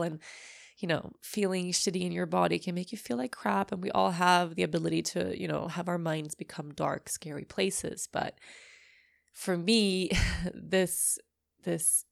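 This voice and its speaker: Gravelly-voiced woman, candid podcast host. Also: fairly low pitch, no echo, clean studio sound. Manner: candid and emotional, swears freely. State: teary, recently crying. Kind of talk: emotional personal podcast monologue.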